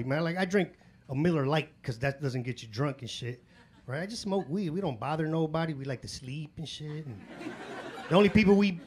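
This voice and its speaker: A man doing live stand-up, telling loose, profane stories in street slang and acting out his own and others' voices. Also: high-pitched. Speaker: stand-up comedian. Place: comedy club stage. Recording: live club recording with room noise.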